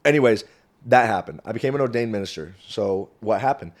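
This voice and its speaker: A young man vlogging alone at home into a phone camera, rambling and cursing, dropping to low mutters and then bursting out loud. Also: animated, brisk. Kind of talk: casual rambling monologue. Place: small home room.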